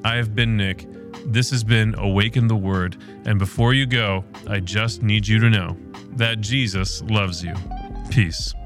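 A man's voice: lowish voice, fairly even intonation, over music. A man hosting a short podcast, reading a gospel passage and reflecting on it earnestly. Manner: earnest, slows down when reading quotes. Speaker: podcast host reflecting on scripture.

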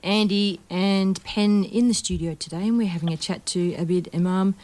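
A woman's voice: medium pitch, steady tone, moderate pace, a little mellow. A woman co-hosting a radio show from the studio, chatting casually with fillers and frequent laughs. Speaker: radio co-host.

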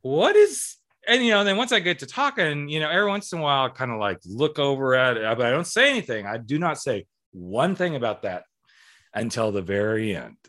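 A man's voice: medium pitch, sing-song, quick pace, bright, forceful tone. A man hosting a casual podcast chat, talking in a sassy, sarcastic, theatrical way. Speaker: public speaker.

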